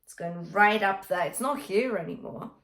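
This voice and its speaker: A woman's voice: medium pitch, animated, normal speed, creaky, fairly bright tone. A young adult woman vocal coach giving a singing lesson, encouraging and breaking into sung examples. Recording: roomy echo.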